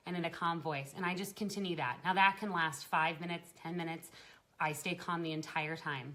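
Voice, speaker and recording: A young woman with a slightly low voice chats freely on a live stream, full of ums, restarts and quick laughs. She talks straight into her phone or laptop to other parents. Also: steady tone, fairly bright tone. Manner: chatty, laughs often, many fillers and restarts. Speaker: parenting group host. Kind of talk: casual live-stream talk.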